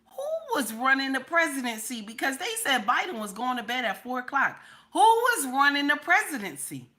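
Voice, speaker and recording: A high-voiced woman hosts a livestream. She has a cold and coughs between sassy, repetitive, profane remarks. Her voice is bright and sharp. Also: big pitch swings, normal speed. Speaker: commentary host. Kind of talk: livestream commentary.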